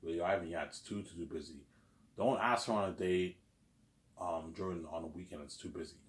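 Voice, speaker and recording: A man's voice: sits low, brisk. A man telling a story in a casual, rambling monologue, repeating himself and asking "you know what I'm saying?". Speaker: vlogger.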